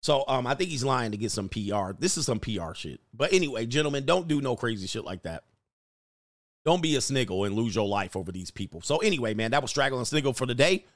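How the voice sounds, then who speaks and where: A man's voice: mid-range voice, expressive, quick pace, no echo, studio quality. A man hosting a casual livestream, joking and reading news stories aloud in slangy talk. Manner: loud, joking, slangy, reads articles aloud. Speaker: livestream host.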